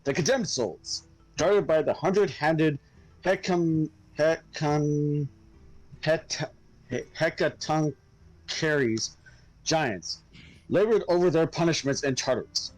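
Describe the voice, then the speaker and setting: A man's voice: fairly high pitch, takes it slowly, no room sound, soft background music, low-quality recording. A man casually reading game text aloud, tripping over hard names and joking.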